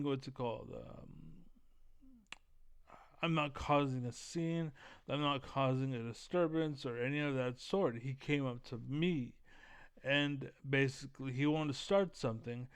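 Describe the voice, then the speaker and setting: With a clear, resonant medium-pitched voice and no room sound, a man fires off heated commentary on a video. He is energetic and keyed up, swearing bluntly and relying on fillers such as "basically."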